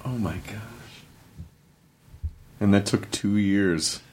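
A man's voice: on the low side, slow, a little mellow. A man hosting an interview, reacting with brief, sympathetic interjections. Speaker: podcast host.

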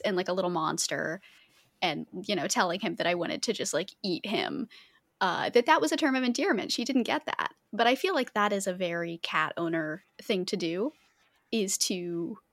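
A young woman co-hosts a podcast in casual chat, her pitch swooping up and down as she tells stories. She laughs often, and her voice sounds close and dry. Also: dry recording. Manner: expressive storyteller, laughs often. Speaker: podcast co-host.

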